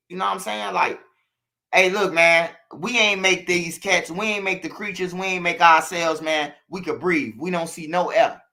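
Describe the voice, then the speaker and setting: A man's voice: sits high, steady tone, normal speed, gravelly, pushed and bright. A man from Chicago with a Chicago accent, hosting his channel, talking straight to viewers in a slangy, repetitive, preachy monologue. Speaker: channel host.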